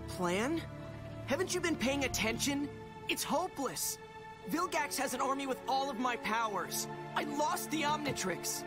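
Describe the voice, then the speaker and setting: A man voicing a discouraged teenage boy hero in an animated series, with a whiny voice. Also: very high voice, a little slow, music in the background. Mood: desperate. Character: discouraged teenage boy hero who lost his power. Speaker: cartoon character.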